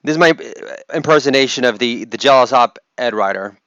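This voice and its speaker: A man's voice: medium pitch, animated, moderate pace, a bit bright, smooth, no echo, muffled recording. A man hosting a comedy podcast, delivering mocking, sarcastic jokes and laughing at his own lines. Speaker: podcast host.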